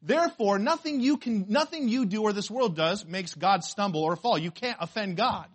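At a normal speed, a high-pitched male pastor preaches an emphatic sermon. He fills it with rhetorical questions and swings from quiet asides to loud declarations.

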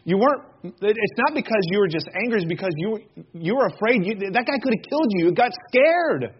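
Husky, high-pitched male pastor, animated and jokey, quizzing the congregation, dull lo-fi sound. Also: a little fast. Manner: jokey, animated storytelling with acted-out voices; addresses congregation directly with questions. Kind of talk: sermon.

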